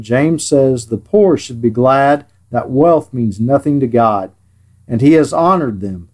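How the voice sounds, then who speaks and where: A man preaching a scripted sermon in a measured, earnest way, with dry sarcasm at times. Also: mid-range voice, darkish tone.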